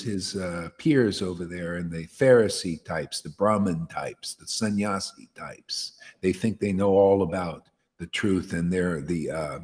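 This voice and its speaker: Speaking in a somewhat low, slightly mellow voice, a male spiritual teacher leading satsang preaches an impassioned devotional sermon in a reverberant hall. He is blunt, fiery, and slangy, frequently saying "man."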